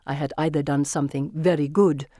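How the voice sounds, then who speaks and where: An audiobook narrator reading a first-person story in a measured, vivid storytelling manner on a close mic. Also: medium pitch, fairly even intonation, warm tone, no echo.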